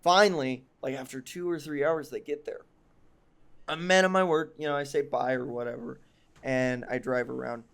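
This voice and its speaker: A man's voice: medium pitch, steady tone, normal speed, gravelly, a bit bright, clean tone. A young man telling a long personal story on a podcast, casual and rambling, full of ums and likes, and often mocking himself. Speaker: podcast co-host.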